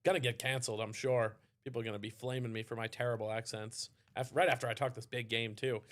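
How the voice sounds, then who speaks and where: A man with a mild Australian accent giving chatty live commentary on a poker tournament, getting excited on big hands. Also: mid-range voice, fast talker.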